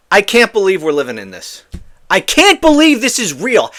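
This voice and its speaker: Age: unknown. Sex: man. Role: commentary host. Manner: heated, profane, very animated, high voice. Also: moderate pace. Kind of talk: ranting political commentary.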